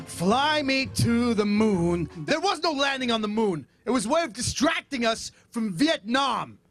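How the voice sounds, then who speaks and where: A man's voice: extremely high pitch, sing-song, normal speed, voice pushed up, heavily acted. A man doing a sleazy washed-up lounge crooner. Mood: sneering crooning. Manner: insulting the crowd while crooning a standard. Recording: live show with loud music and crowd. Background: music and audience laughter.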